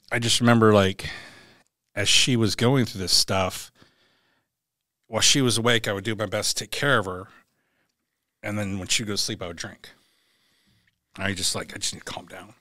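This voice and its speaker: A middle-aged man with a lowish voice recounts a painful chapter of his life in a podcast interview. He talks bluntly, swears, and restarts his sentences as he searches for words. The sound is close and dry, with no room echo. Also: bright, forceful tone. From United States. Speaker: podcast guest. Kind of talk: emotional personal storytelling.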